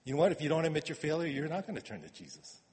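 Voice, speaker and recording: A man preaching a sermon in a conversational way, repeating words and swinging from quiet asides to emphatic urging. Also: a little high, sing-song, rapid-fire. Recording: long reverb of a hall.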